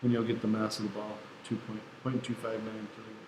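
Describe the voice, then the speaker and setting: A tired man teaching a class, chatty and quick to laugh, often restarting his sentences as he tells a story and works through a problem. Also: lowish voice, monotone, noisy background. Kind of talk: classroom lecture with anecdote. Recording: echoey room with faint ambience.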